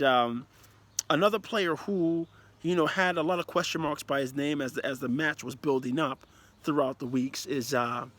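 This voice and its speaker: A man giving a casual, emphatic and rambling review of a football match, talking as a player and manager. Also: a little high. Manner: animated, emphatic, rambling with restarts. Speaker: football commentator.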